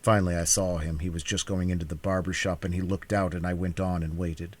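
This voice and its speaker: Very deep-voiced male reader. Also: little pitch movement, fairly quick, hardly any pauses, a little mellow. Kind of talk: cold-read audiobook narration.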